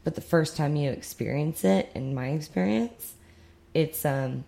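A woman's voice: low-pitched, a little slow, creaky, mellow. A young woman from the United States co-hosting a podcast in casual, rambling chat with sarcastic asides. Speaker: podcast co-host.

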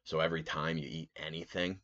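A man hosting a podcast, telling a rambling, animated story in a casual monologue full of fillers. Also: extremely low pitch, a little fast, lo-fi sound. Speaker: podcast host.

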